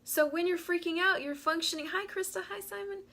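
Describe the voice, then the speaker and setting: Bright-voiced animated woman hosting live. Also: very high voice, fairly quick. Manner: animated, greets viewers by name while talking. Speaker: host of a live money talk. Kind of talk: casual live-stream talk.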